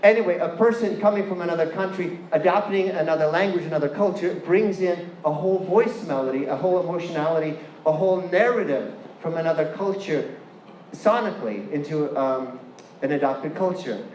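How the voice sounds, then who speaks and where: A man's voice: a little high, brisk, a little mellow, slight background noise. A man with a Californian accent giving a playful, chatty university lecture and asking the audience questions. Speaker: guest lecturer. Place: lecture hall. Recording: echoey hall with faint room ambience.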